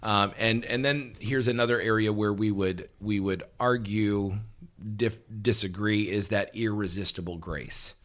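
A man co-hosting a relaxed talk show, explaining points patiently and checking in with "right?" between them. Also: on the low side, unhurried. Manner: relaxed, with frequent "um" and restarts, laughs easily. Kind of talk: casual teaching conversation.

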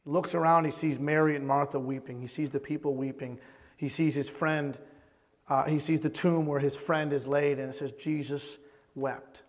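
A man preaching a sermon as pastor, impassioned and repetitive, swinging between loud emphasis and hushed tones. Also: fairly high pitch, level tone, moderate pace. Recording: long hall reverb.

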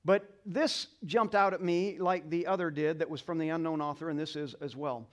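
A male pastor preaching a sermon to a congregation, leading call-and-response, swinging between quiet asides and loud exclamations. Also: fairly high pitch, moderate pace. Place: church sanctuary.

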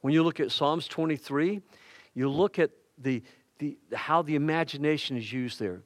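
Older male pastor, slightly high voice, dry close mic, folksy conversational sermon delivery. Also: normal speed, dry recording. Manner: folksy and conversational, with personal asides and humor. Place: church.

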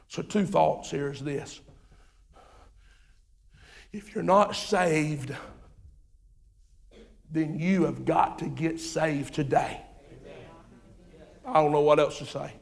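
A man preaching an impassioned sermon, repeating phrases and swinging from shouts to hushed tones. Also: fairly high pitch, vocal fry. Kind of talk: fiery sermon.

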